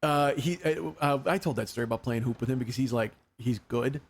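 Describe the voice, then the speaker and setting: A man's voice: mid-range voice, fairly quick. A man in his forties, a podcast host, telling rambling, profane stories in casual chat, laughing as he goes. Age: 40s. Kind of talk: casual comedic storytelling.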